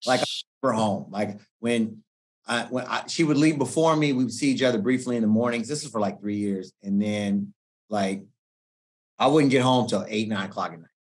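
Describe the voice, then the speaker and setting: A middle-aged man, a guest coach, telling stories in a relaxed podcast chat, slangy and animated, often acting out what people said. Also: lowish voice, normal speed. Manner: animated slangy storytelling, acts out quoted speech. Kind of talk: casual podcast conversation.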